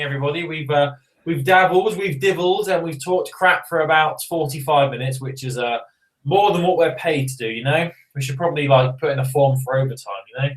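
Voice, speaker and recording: A man's voice: on the high side, low-quality recording. A man, co-hosting a podcast in a casual, rambling, jokey chat. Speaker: podcast co-host.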